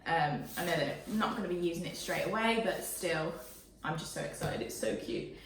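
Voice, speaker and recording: A pregnant young woman gushing excitedly through an unboxing vlog in her living room, a little out of breath. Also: fairly low pitch, moderate pace, recorded from a distance, noisy background. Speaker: parenting vlogger. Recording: echoey room, camera mic away from her.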